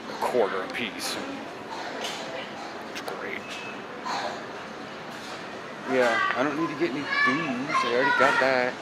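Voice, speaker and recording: A man with a lowish voice vlogs on a handheld camera, no tripod, while walking outdoors on a city street and in shops, rambling casually through stories. The recording is very noisy.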